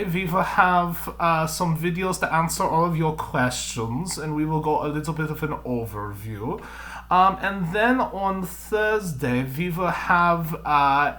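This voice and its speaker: A male history teacher giving a video lesson while putting on a deliberately bad fake German accent, tagging his sentences with "yeah?" and "okay?". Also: a little high, sharp tone. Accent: mock German accent, put on.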